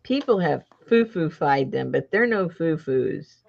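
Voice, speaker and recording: Lively, unhurried woman crafting and chatting. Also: low-pitched, gravelly, lo-fi sound, a little hiss or hum. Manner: chatty, thinks aloud while working. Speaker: crafting channel host. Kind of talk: casual chat while crafting.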